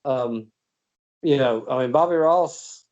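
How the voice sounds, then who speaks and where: A man's voice: medium pitch, slow pace, darkish tone, muffled recording. A man hosting a casual football chat, telling long stories full of fillers and restarts. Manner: rambling storyteller with many fillers. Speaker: podcast host.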